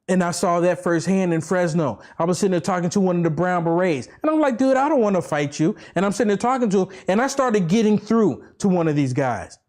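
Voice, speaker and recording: A high-pitched man rants to camera as a political vlogger, circling back over the same points and pelting the listener with rhetorical questions. His voice climbs into fervent near-shouting, then drops low and slow into preaching. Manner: repetitive, rambling, with urgent rhetorical questions. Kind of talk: impassioned political rant to camera.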